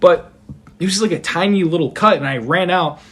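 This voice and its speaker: A young man guest on a podcast, telling a story in a loose, excitable way, swearing often and acting out the people he quotes. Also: high-pitched, a little fast. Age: young adult. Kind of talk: casual storytelling.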